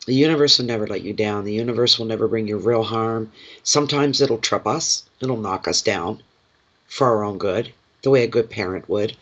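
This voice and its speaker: A man giving a tarot card reading to his viewers, speaking in a gentle, reassuring and heartfelt way. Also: on the low side, moderate pace, highs cut off. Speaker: tarot reader.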